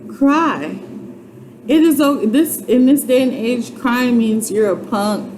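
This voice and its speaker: A woman's voice: fairly high pitch, takes it slowly, darkish tone. Earnest chatty woman, noisy background. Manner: chatty and earnest, repeats herself, many fillers. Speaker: vlogger sharing a personal testimony. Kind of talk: casual heartfelt testimony. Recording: clear background noise.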